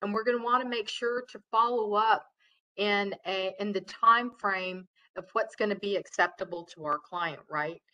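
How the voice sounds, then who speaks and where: A woman giving a casual training talk on customer service, chatty and loud, with many fillers and restarts. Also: medium pitch, moderate pace, low-quality recording. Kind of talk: casual webinar lecture.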